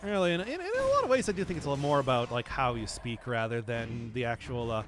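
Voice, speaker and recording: Talking fast with big swings in pitch, this streamer has a mid-range voice and background noise behind him. He rambles casually to viewers during a gaming live-stream, laughing often as he answers the chat.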